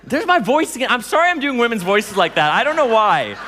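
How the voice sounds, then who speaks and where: A man giving a storytelling talk to an audience, animated, laughing often and acting out dialogue. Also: high-pitched, fast, big-room sound, a little hiss or hum. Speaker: speaker telling stories to an audience.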